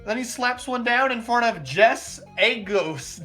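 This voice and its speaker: A streamer narrating a live tabletop role-play as game master with animated storytelling. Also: medium pitch, a little slow, soft background music.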